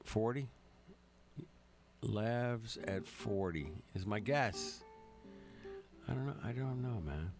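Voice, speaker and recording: A man's voice: fairly low pitch, expressive, takes it slowly, long pauses. A man hosting a casual livestream, reading out viewer comments in a laid-back drawl, with frequent swearing and lots of "man" and "bro". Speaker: livestream host. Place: at home, in California. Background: guitar music.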